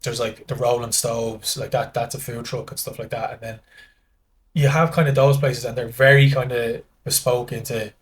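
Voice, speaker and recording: A man with a Dublin Irish accent, guesting on a casual podcast, speaks in a mid-range voice with a flat delivery at a moderate pace. He rambles through stories, restarting often and acting out the dialogue.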